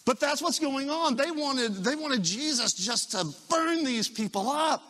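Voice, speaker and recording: A man preaching a sermon as a pastor, telling the story dramatically and dropping into hushed asides. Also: very high voice, expressive, moderate pace, few pauses, big-room sound.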